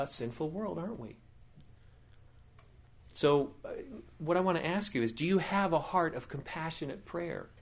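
A man preaching a sermon as a teaching elder, telling a story earnestly with many fillers and restarts. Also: on the high side. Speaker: pastor.

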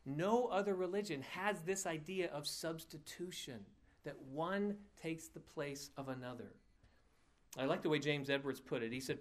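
A man's voice: a little high, normal speed. A man preaching a sermon, telling a story in a conversational way with frequent fillers and restarts, and chuckling at his own asides. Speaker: pastor.

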